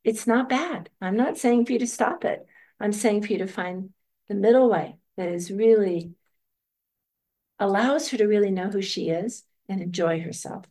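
An older woman teaching meditation, answering a student with a gentle, reflective calm. Her voice sits at an ordinary middle pitch and she laughs easily between thoughts. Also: moderate pace. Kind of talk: dharma talk answering questions.

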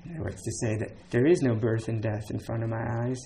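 A man's voice: medium pitch, fast talker, dark tone, a little hiss or hum. A man giving a dharma talk as a Zen teacher, casual and chatty, with many fillers and laughs between points.

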